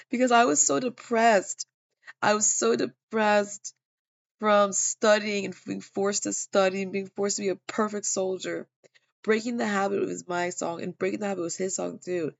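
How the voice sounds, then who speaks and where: Tired woman, heavy vocal fry, rambling personal story, lots of fillers, dull lo-fi recording. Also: mid-range voice, steady tone, moderate pace. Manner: rambling, many fillers and restarts. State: tired, yawning. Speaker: vlogger sharing a personal testimony.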